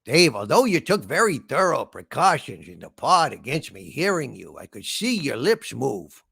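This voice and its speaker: A meandering male spaceship computer, put on by a man, talks like a shambling detective. The voice is gravelly and husky, with a lively pitch. The sound is dry and close. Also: moderate pace, no echo, full character voice. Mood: calm, polite. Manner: meandering, polite, trails off with "sir". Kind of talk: comedy impression sketch.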